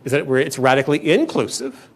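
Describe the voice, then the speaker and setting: A man's voice: a little high, sing-song, fast. A man pastor preaching a sermon in a church, earnest and emphatic, often restarting his phrases.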